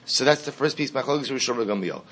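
A man's voice: mid-range voice, lively intonation, racing, a bit bright. A man teaching a Mishnah class, reading passages aloud, translating them and explaining step by step, often repeating the key phrase and asking questions he then answers himself. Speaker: Talmud teacher.

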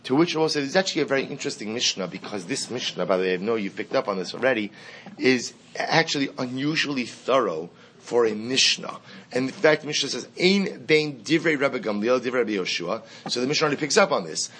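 A man's voice: mid-range voice, animated, quick pace, a bit bright, a little hiss or hum. A man teaching a Mishnah class, reading passages aloud, translating them and explaining step by step, often repeating the key phrase and asking questions he then answers himself. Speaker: Talmud teacher.

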